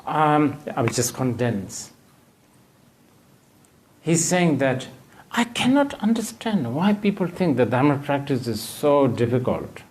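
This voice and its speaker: Man, Bhutanese accent, Buddhist teacher, dharma talk, very slow, hesitant fillers, mid pitch. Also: sing-song. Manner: halting, hesitant phrasing with frequent fillers.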